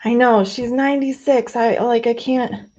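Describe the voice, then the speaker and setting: Painting live, a woman reads out viewer comments and casually talks through her pastel piece, using lots of filler words. Her voice is on the high side, steady, a little mellow, and at a normal speed. The stream audio is lo-fi and slightly dull.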